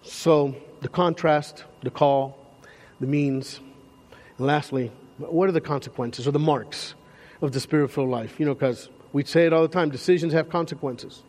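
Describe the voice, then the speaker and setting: High-voiced male pastor preaching in a hall. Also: moderate pace. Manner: animated, conversational preaching with repeated restarts. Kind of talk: sermon. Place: church sanctuary.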